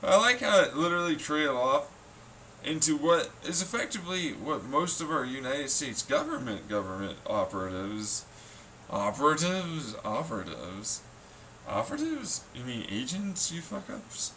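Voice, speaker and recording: Sarcastic ranting man with a bright voice. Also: a little high, very animated, normal speed, slight background noise. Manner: profane, sarcastic, scornful; swings between muttering and loud shouting. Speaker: vlogger. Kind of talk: ranting monologue.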